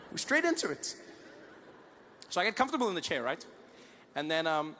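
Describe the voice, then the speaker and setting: Animated South African stand-up comic. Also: male voice, fairly high pitch, in a large hall, noisy background. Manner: animated, quick asides, laughing at own lines. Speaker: stand-up comedian. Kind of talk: live stand-up storytelling. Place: large live comedy venue.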